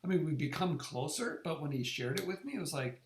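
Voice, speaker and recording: A middle-aged man tells his story in a relaxed, casual way. His voice sits a little high, and he stumbles over his words and repeats them. The sound rings around an echoey room. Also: slight background noise. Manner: halting, repeats words and restarts often. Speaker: presenter sharing his experience. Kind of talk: casual conversational talk.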